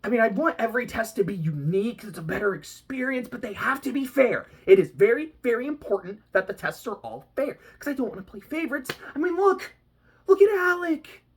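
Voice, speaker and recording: A vlogger voicing an eager, childish young girl who is a cheerful killer, in a high voice. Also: lively intonation, fairly quick, husky.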